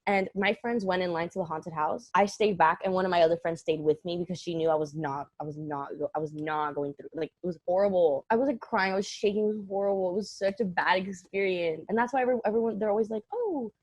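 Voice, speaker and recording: Lively young woman with a dry close sound. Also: fairly low pitch, no room sound. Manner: animated, laughing, quick self-mocking asides. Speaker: podcast co-host telling a story. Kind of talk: casual chat storytelling.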